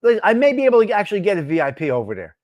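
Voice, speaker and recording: A man hosts a casual live stream and keeps laughing as he answers his viewers. His voice sits fairly high, and he reacts to the chat with a lot of energy. The sound is dry and close to the mic. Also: rapid-fire, no echo. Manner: laughing, animated, talks back to chat.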